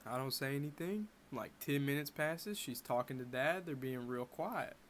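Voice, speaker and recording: A young man in his bedroom telling a personal story to camera in a casual, animated way with wry asides. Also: medium pitch, moderate pace, a little hiss or hum. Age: young adult. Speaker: vlogger.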